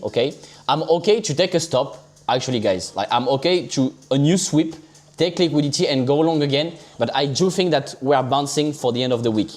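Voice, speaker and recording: A man's voice: fairly high pitch, a little mellow. A man casually commenting on trading charts to his live viewers, chatty and loose, swearing offhand and calling them guys and bro. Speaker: livestream crypto trader.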